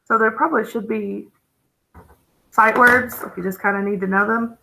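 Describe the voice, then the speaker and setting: A woman teaching a phonics lesson, explaining patiently with gentle enthusiasm. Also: on the high side, fairly even intonation, moderate pace, vocal fry, slight background noise, low-quality recording.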